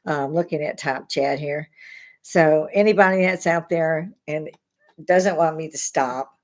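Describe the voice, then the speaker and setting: A woman with a drawl talks casually to her livestream viewers from a bar in her home, recorded on a webcam. Her voice sits a little low, and she is blunt and heated, cursing freely mid-rant. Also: measured pace. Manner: blunt, swears, rants heatedly. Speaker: livestream host.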